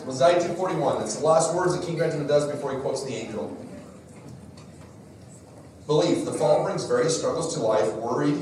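A middle-aged man giving a church talk to a live audience, telling lively stories that poke fun at himself. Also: mid-range voice, a little hiss or hum. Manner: lively storyteller, jokes at his own expense. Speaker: speaker at a church parenting talk. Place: large echoey room with a live audience. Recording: echoey hall recording from far off.

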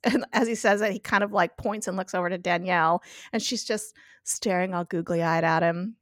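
A woman in casual podcast chat, retelling a TV episode scene by scene and slipping into little voices for the characters. Her voice sits at a middle pitch and is recorded dry and close, with no room sound. She laughs often as she goes. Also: moderate pace, no echo. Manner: animated, acts out quotes, laughs often. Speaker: podcast guest recapping an episode.

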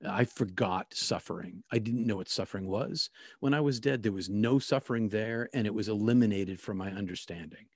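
Low-voiced man telling a personal story. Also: no echo, studio quality. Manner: reflective, halting, with frequent restarts. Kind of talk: personal testimony.

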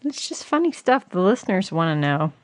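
A woman's voice: fairly low pitch, big pitch swings, a little fast. A woman co-hosting a casual podcast with her husband, telling family stories and laughing a lot. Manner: giggly storyteller, laughs a lot. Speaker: podcast co-host. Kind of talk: casual chat.

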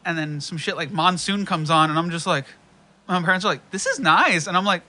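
A young man in casual chat, telling profane, animated stories and acting out what people said. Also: on the high side, brisk. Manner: profane, animated storytelling with quoted asides.

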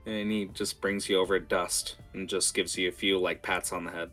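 A man running a tabletop game as game master, talking in a lively, rambling way with fillers. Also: low-pitched, normal speed, faint music behind.

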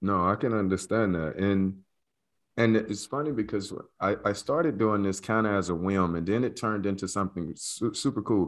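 A man hosting a podcast in easy conversation, joking and teasing his guest. His voice sits on the low side. He talks freely and loosely. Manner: playful, teasing and talkative. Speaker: podcast host. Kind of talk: casual interview chat. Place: away from his studio, on the road.

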